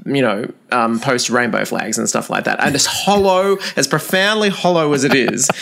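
A man's voice: mid-range voice, normal speed, creaky, fairly bright tone. A man co-hosting a podcast in casual chat, with dry, ironic commentary. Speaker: podcast co-host.

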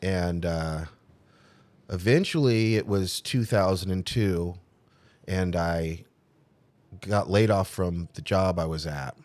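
Deep-voiced middle-aged man telling stories. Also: slow, long pauses, dry recording. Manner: animated, acts out the people he quotes, frequent restarts. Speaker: tattoo artist telling his story. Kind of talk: casual storytelling in an interview.

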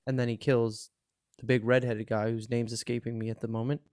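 A man co-hosting a podcast, chatting casually in a loose, profane, animated way. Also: medium pitch, fairly quick, smooth, dry recording, studio quality. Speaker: podcast co-host. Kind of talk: casual chat.

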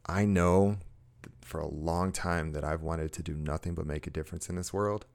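A man speaking earnestly to his viewers in a motivational monologue, slow and emphatic, repeating short phrases. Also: low-pitched, steady tone, creaky, darkish tone. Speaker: self-help speaker.

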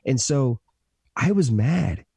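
Gravelly, mellow-voiced man telling his story. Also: medium pitch, animated, slow pace, no echo, clean studio sound. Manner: earnest, emphatic, repeats key phrases; self-described positive motivational talker. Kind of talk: personal storytelling in a podcast conversation.

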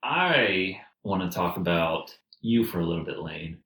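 A man's voice: sits low, lively intonation, measured pace, bright, forceful tone, distant mic. Hyped young man co-hosting a podcast. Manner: hyped, joking, laughs often. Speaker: podcast co-host. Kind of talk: casual podcast chat. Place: room shared with two others. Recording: echoey room.

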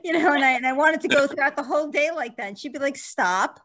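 A woman's voice: high-pitched, steady tone, very fast, fairly bright tone. A woman hosting an interview over a video call, a lawyer who chats easily, laughs, and explains at length. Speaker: host and lawyer. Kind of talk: casual interview.

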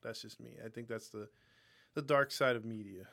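A man's voice: mid-range voice, moderate pace, vocal fry, a bit bright. A young man co-hosting a podcast in casual chat, rambling and loose, with lots of "like" and "you know". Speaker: podcast co-host.

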